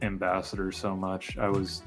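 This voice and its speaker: Low-voiced man, rambling enthusiastically. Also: level tone, moderate pace, music in the background. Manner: enthusiastic, rambling, frequent fillers. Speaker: co-host of a fragrance live stream. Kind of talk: casual chat.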